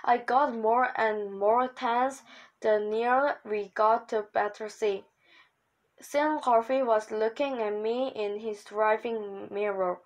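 Female reader, children's novel read aloud, slow pace, occasional slips. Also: fairly high pitch, fairly even intonation, low-quality recording. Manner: stumbling reading with slips and restarts. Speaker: book reader.

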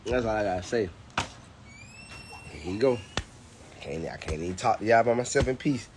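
A man's voice: fairly low pitch, expressive, moderate pace. A young man and father, chatting casually on a vlog while he films his toddler, laughing and teasing in a loose, profane way. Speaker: vlogger and father. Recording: noisy home video.

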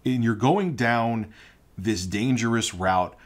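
A man's voice: medium pitch, slow pace. A man giving ranting opinion commentary, indignant and heated, firing off rhetorical questions. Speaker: online commentator.

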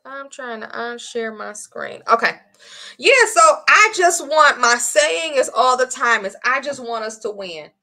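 A woman selling her online design course in casual live-stream chat, animated and chatty, often calling her viewers y'all. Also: on the high side, measured pace.

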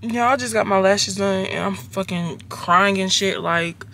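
A young woman vlogging from her car, chatting casually to her phone camera in a slangy, expressive way, swearing freely. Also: medium pitch, measured pace, slight background noise. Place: inside a car, on the road.

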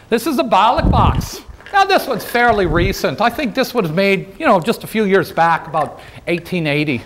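A man's voice: high-pitched, a little hiss or hum. A man playing a folksy 19th-century union organizer in a first-person historical role-play, joking with and addressing a live audience. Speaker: living-history presenter.

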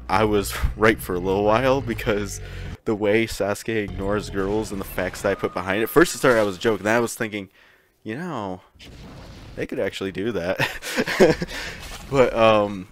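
A man with a low voice rambles through gameplay commentary, filling pauses with ums and small chuckles. He talks loosely and drifts from one point to the next. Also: a bit bright, a little hiss or hum. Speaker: game streamer.

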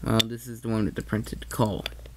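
A man's voice: lowish voice, little pitch movement, moderate pace, background noise. A man giving a casual toy train review, hesitant and often correcting himself mid-sentence.

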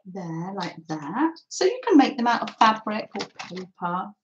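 A middle-aged woman hosting a live craft session, chatting warmly to viewers and reading their comments as she works. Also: medium pitch, big pitch swings, takes it slowly, lo-fi sound, faint music behind. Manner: friendly, reads out chat comments while crafting. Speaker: craft livestream host.

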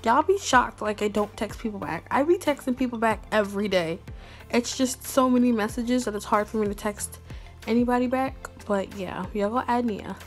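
Brief: upbeat, slangy woman YouTuber with a fairly high voice, faint music underneath. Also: moderate pace. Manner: playful, slangy, upbeat, talks straight to viewers. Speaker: YouTuber replying to fan messages. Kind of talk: casual chatty vlog.

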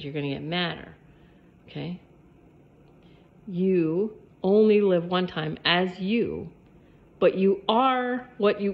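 A woman's voice: mid-range voice, muffled recording. A woman vlogger giving a spiritual pep talk to camera, repeating her points emphatically in a preachy way.

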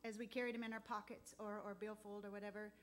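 A woman giving a heartfelt, halting testimony in church, close to tears at times. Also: mid-range voice, flat delivery, fairly bright tone. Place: church sanctuary.

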